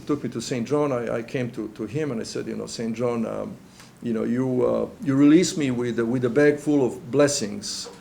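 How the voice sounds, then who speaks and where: A middle-aged man speaks English in an earnest, stop-and-start way, looping back over his words as he tells his own story. His voice is gravelly with plenty of fry, at an ordinary middle pitch. A faint hum of noise sits under it. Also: a little mellow. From Serbia. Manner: halting, many restarts, earnest. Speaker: interviewee. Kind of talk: personal testimony.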